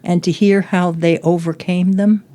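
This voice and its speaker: A woman's voice: fairly low pitch, fairly even intonation, moderate pace, dark tone. Chatty older woman discussing a book. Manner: chatty, laughs often, quotes lines in other voices. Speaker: guest, host's mother.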